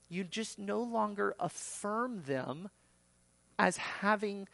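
A man's voice: sits high, creaky, a bit bright, no room sound. A man preaching a sermon as pastor, acting out quoted voices and rising sharply for emphasis.

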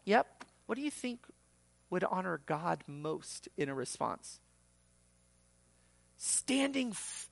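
A man's voice: high voice, creaky, no room sound. A man preaching a sermon as pastor, acting out quoted voices and rising sharply for emphasis.

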